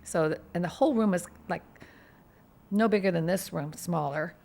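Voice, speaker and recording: A woman lawyer co-hosting a podcast, telling stories in an animated, vivid way. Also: lowish voice, moderate pace, vocal fry. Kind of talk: casual storytelling chat.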